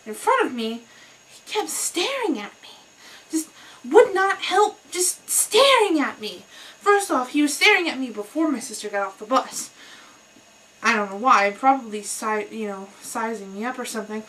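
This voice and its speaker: A young woman telling a heated personal story in a vlog rant, animated and full of fillers. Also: a little high, far from the mic, poor audio. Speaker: vlogger.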